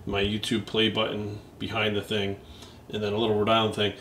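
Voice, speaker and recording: A young man chatting casually in a vlog, cursing often and getting excitable. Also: fairly low pitch, fairly quick, slight background noise. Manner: profane and excitable, talks baby talk to his dog. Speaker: bodybuilding coach and vlogger.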